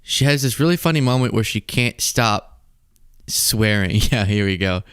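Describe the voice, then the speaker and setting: A man's voice: lowish voice, animated, normal speed, a bit bright, clear, resonant tone, no echo, clean studio sound. A man hosting a casual political commentary show, joking and laughing often. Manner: laughing, loose, swearing for comic effect.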